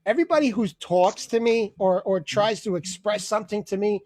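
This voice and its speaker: A man hosting a comedy open mic over a video call, telling an animated, exasperated bit and laughing at his own jokes. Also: high voice, brisk, no room sound. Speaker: comedy show host.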